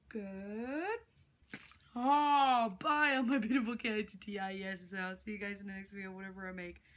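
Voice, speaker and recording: Young female makeup vlogger, mid-pitched, blunt casual delivery, reads creepy stories. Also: fairly bright tone. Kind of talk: telling spooky stories while doing makeup.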